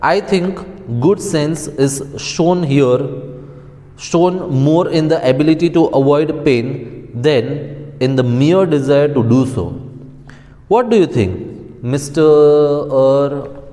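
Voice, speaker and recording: A male teacher reading the lines of a relaxed, witty man from a play, in a long-reverb recording. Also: fairly high pitch, slow. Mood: calm ironic. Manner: read aloud plainly from the textbook.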